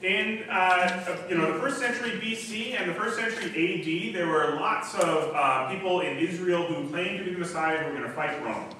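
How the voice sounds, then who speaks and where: A man's voice: high-pitched, moderate pace, hardly any pauses, pushed and bright, slight background noise. A man preaching a sermon as pastor in a church, teaching in a conversational way with some fillers. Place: church sanctuary. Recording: echoey hall, distant mic.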